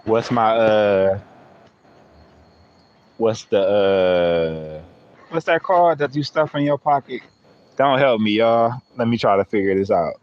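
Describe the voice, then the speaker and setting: Slow, low-voiced man joking on a stream. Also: animated, highs cut off, a little hiss or hum. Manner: playful, teasing, laughs often. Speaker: live streamer. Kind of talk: joking live-stream chat.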